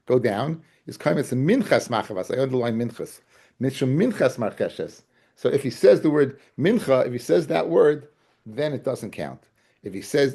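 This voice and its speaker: In a medium-pitched, creaky voice that's a little mellow with a breathy edge, a man gives a Talmud study lecture. He often asks whether his students, addressed as guys and fellas, follow along, and repeats key phrases and restarts for emphasis.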